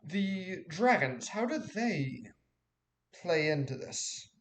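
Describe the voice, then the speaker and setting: A man's voice: high-pitched, very animated, slow pace. A man playing a tabletop game, asking questions eagerly. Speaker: player. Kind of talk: casual tabletop game chat.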